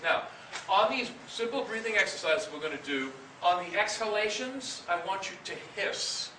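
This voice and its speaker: A man's voice: high voice, animated, normal speed. Man coaching breathing in an echoey room. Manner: patient, repeats key phrases, counts aloud. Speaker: band director teaching breathing. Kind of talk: instructional talk to students. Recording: echoey room, distant mic, noisy.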